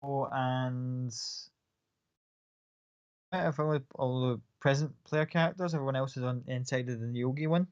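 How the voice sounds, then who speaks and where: A man's voice: medium pitch, steady tone, moderate pace, a little mellow, clean tone. A man running a tabletop game as game master, narrating casually with fillers and the odd swear word. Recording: dull lo-fi, dry.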